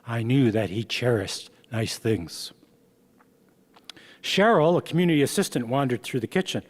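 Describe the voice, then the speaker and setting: A man, the author, reading aloud from his memoir in a slow, measured way with small stumbles. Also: medium pitch, sing-song. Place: event hall. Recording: long reverb from a hall.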